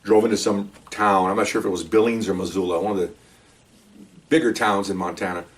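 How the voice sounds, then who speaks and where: An older man, a retired police officer, telling a story in a rambling, halting way, choked up at times. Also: deep voice, steady tone, recorded from a distance. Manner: rambling, halting, self-correcting. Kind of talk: casual storytelling monologue.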